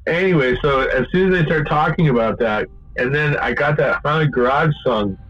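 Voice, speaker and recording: Man, casual storyteller, rambling and profane, mid pitch, dull lo-fi recording with faint music. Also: moderate pace, slightly rough. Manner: profane, rambling, animated when quoting. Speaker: guest telling a story.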